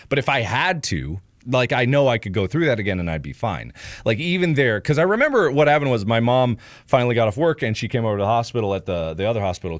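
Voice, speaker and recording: A young adult man from the United States telling a personal story in a casual monologue, acting out quotes with loud high yelps and frequent laughter. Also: dry recording. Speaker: video host.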